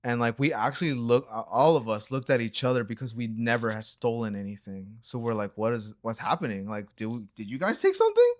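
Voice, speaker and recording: A man's voice: mid-range voice, fairly even intonation, fairly quick, few pauses, no room sound, studio quality. A young man co-hosting a reaction channel, telling a story in a laid-back, rambling way full of slang and fillers. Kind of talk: casual storytelling chat.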